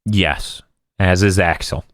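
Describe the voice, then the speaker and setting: A man on a casual podcast recapping anime episodes, laughing often and acting out characters' lines in quick voices. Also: low-pitched, fairly bright tone, dry recording, studio quality. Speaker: podcast co-host.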